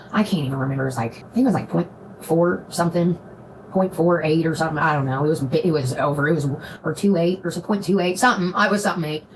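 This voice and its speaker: A woman's voice: lowish voice, a little hiss or hum, rough recording. A woman on a live stream telling a rambling, profane story in casual chat. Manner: profane, rambling, animated retelling.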